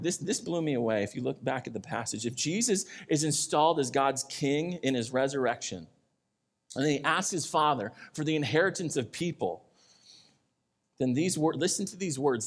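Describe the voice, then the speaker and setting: Impassioned male pastor preaching. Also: mid-range voice. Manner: impassioned, swings between pleading and quiet. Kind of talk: sermon.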